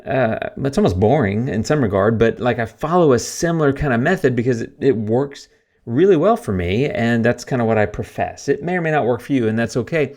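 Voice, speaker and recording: A man's voice: medium pitch, expressive, brisk, darkish tone. A man hosting a casual photo-editing tutorial, chatty and self-deprecating, thinking aloud with frequent fillers. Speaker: photography YouTuber.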